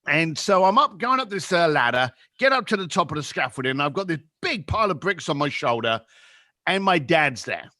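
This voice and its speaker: A man in his fifties with a London accent, a podcast guest telling animated stories and acting out the voices in them. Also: a little high, brisk, no echo, studio quality. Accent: London English. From England. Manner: lively, acts out voices in anecdotes. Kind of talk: animated storytelling.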